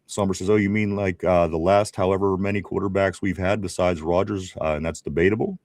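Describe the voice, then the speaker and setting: Male sports podcast host, Pittsburgh accent, lowish voice, casual, laughs a lot. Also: steady tone, fairly quick, a little mellow, dry recording, studio quality. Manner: chatty, laughs often, many restarts. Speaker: podcast host reading live chat.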